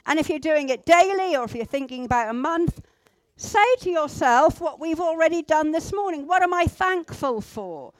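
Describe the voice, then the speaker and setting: A woman teaching a group how to pray, gentle and instructive, with pauses. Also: high voice, animated, dry recording. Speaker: church group leader. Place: indoor room with a group at tables.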